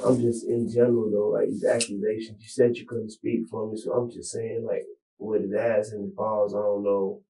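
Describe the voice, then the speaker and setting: A man being interviewed in a small room, talking in a halting, rambling way full of street slang. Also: fairly low pitch, level tone, dark tone, a little hiss or hum. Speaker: interview subject. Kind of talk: police interrogation recording. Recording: echoey room, camera mic.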